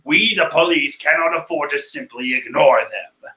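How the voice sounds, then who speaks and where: A man voices a stern police chief who delivers his warnings in a formal, solemn voice. The voice sits slightly high, and the room is echoey. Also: normal speed, pushed and bright.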